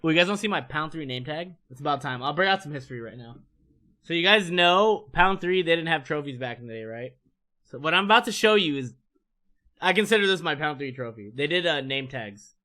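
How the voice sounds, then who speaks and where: A male streamer spins a rambling, profane story for his chat. His voice sits a little high and sounds bright and forceful. He is animated and loose throughout. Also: a little fast. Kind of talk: casual storytelling.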